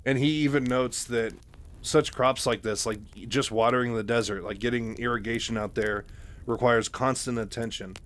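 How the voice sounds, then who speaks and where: A man recaps a book chapter by chapter in a loose, rambling way, full of fillers and restarts. His voice sits at an ordinary middle pitch. It is casual, unscripted storytelling. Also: fairly even intonation, moderate pace, fairly bright tone. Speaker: narrator.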